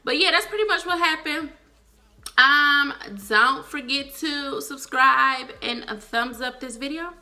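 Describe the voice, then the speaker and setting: A woman's voice: high-pitched, a little slow, sharp tone. A woman, recapping a reality show in a blunt, exasperated vlog style and swearing freely. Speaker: TV show reviewer.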